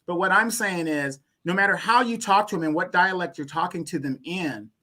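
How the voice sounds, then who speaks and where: A man from Louisiana, a guest on a talk show, speaking bluntly and animatedly. His pitch jumps up when he makes a point. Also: brisk, bright, forceful tone. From Louisiana, USA. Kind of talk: casual opinion talk.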